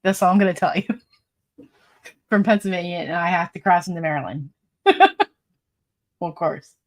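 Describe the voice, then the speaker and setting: A woman hosts a relaxed live stream and reads out viewer comments as she goes. Her voice sits a little low for a woman. She talks in a chatty, meandering way and breaks into laughter often. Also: moderate pace. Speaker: livestream host.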